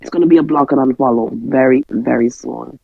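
A man's voice: medium pitch, brisk, gravelly, darkish tone, husky, no echo, muffled recording. A man co-hosting a casual chat, speaking in a firm, matter-of-fact way.

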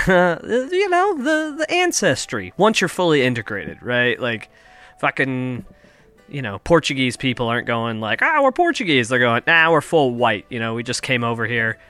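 A man's voice: medium pitch, lively intonation, normal speed, pushed and bright, soft background music. A young adult man from Kansas hosting a comedy podcast from his basement, rambling through a profane, self-mocking monologue. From United States (Kansas). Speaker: podcast host. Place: home basement.

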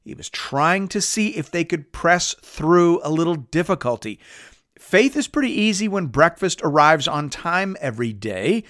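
A man preaching, reading a Bible passage aloud and stopping to explain it in a measured, teaching way. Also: on the high side, very animated, fairly bright tone, no room sound, studio quality. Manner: measured, explanatory, reads scripture aloud with emphasis.

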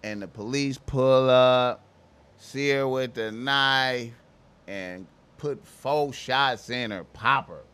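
A man talking on his own in a casual, slangy monologue, swearing, repeating phrases and now and then shouting in voices he mimics. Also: medium pitch, slow pace, smooth. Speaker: commentator.

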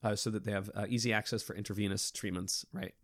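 A man who works as a hospital clown, telling stories in a lively, animated podcast interview with frequent restarts. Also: on the low side, fast, no echo.

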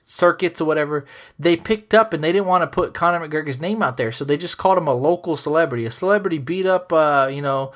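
A young man hosting a casual podcast chat, telling stories in a profane, animated way. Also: fairly high pitch, fast. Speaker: podcast host.

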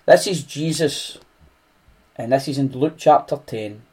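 A man's voice: medium pitch, unhurried, a little mellow, breathy edge. A man with a Scottish accent preaching a conversational sermon, earnest and often restarting phrases.

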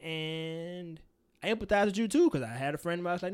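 Candid, animated young man giving advice. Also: on the high side, brisk. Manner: animated, candid, swears freely, acts out quoted lines. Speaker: podcast co-host. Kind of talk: casual advice chat.

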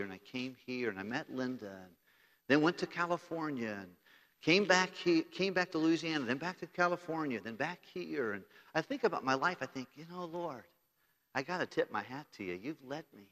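A middle-aged American pastor delivers an earnest sermon, his bright, sharp voice rising to loud declarations and sinking to hushed confidences. The sound carries a long reverb from a large church sanctuary. His tone stays at an everyday middle pitch. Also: animated, a little fast. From United States. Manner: earnest preaching, voice swelling loud then dropping low and intimate.

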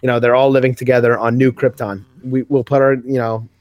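A man co-hosting a podcast, chatting casually and retelling scenes with lively put-on voices. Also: mid-range voice, brisk, muffled recording. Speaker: podcast co-host. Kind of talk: casual comic book chat.

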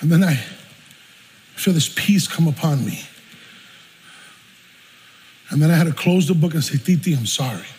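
A man, a pastor preaching a personal story in an animated, emotional way. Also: a little high, measured pace, pauses often. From South Bronx, New York. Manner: animated, emotional storytelling with bursts of laughter and shouting. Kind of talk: storytelling sermon. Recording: long reverb with faint room noise.

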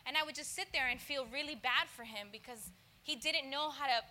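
Pitched high, pushed and bright, a church speaker talks her way through a conversational sermon. She speaks directly to those listening and stages little dialogues, laughing as she chats.

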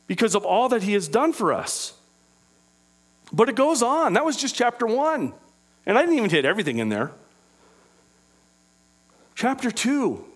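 A man preaching a sermon as pastor, acting out small scenes and dropping low and quiet for scripture readings. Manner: animated preaching with acted-out impressions.

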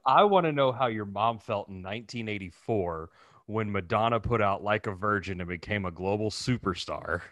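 A man's voice: lowish voice, normal speed, a bit bright, dry recording. A man in his thirties with a slight Southern twang, chatting on a podcast in a drawling, profane, joking way. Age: 30s. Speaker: podcast co-host. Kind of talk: casual chat.

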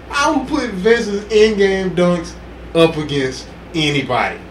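A man on a podcast, telling excited sports stories in casual chat, acting out quotes and laughing loudly. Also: sits high, slow, long pauses. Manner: excitable storytelling, loud laughs and acted quotes. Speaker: podcast co-host. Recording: echoey room with faint hiss.

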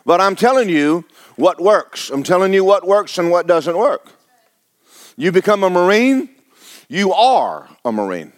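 A man's voice: high voice, sing-song, a little slow, no room sound. A man preaching a blunt, exhorting sermon, firing rhetorical questions at his congregation. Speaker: pastor.

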